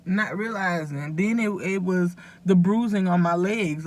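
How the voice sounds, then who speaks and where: A woman's voice: lowish voice, slow pace, hardly any pauses, slight background noise. A woman vlogger talking casually and earnestly to her viewers, rambling a little as she gives them advice. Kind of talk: casual direct-to-camera talk.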